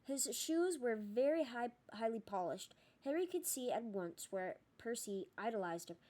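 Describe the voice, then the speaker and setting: A woman narrating an audiobook in a steady storytelling manner. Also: on the high side, normal speed. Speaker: audiobook reader.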